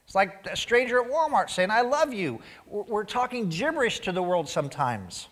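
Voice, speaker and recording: A pastor delivers his sermon with a voice pitched a bit high, swinging between lively acted-out asides and soft, near-whispered emphasis. The sound carries the long reverb of a large church sanctuary. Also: moderate pace. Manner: animated, acts out quoted voices, drops to near-whisper for emphasis.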